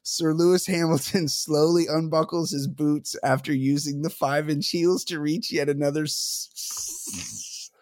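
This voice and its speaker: A man's voice: on the high side, steady tone, unhurried, darkish tone, no room sound, clean studio sound. A man co-hosting a comedy podcast, reading listener mail and rambling while laughing at his own jokes. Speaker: podcast co-host.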